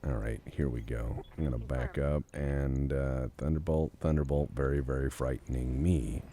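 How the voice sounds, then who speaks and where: A man's voice: very deep voice, moderate pace. A man chatting casually with friends over a game, telling stories expressively and swearing. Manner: expressive storyteller, laughs, swears. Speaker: gamer. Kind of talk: casual chat while playing a game.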